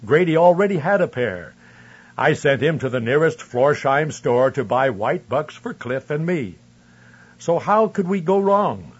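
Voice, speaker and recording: A man reading a first-person memoir aloud in a measured, earnest storytelling manner. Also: fairly high pitch, expressive, slightly rough, lo-fi sound. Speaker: narrator. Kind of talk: scripted memoir narration.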